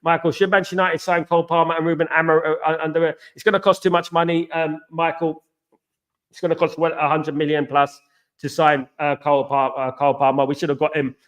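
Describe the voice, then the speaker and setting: Animated English man, slightly high voice. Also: quick pace. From England. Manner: animated, repetitive, banter-heavy with slang shout-outs. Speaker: live stream host. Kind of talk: casual live-stream chat reading viewer comments.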